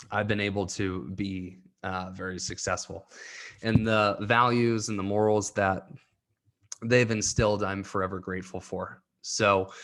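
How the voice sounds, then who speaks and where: A man's voice: on the low side, a bit bright. A young man hosting a solo podcast, talking earnestly and getting emotional, laughing through tears at times. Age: young adult. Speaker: podcast host and coach.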